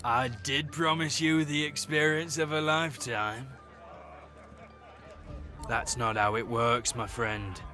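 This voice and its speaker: A man's voice: mid-range voice, takes it slowly, pauses often, sharp tone, soft background music. An actor playing a sly male con-man who wheedles and plays for sympathy in a video game. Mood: wheedling. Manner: wheedling, theatrical.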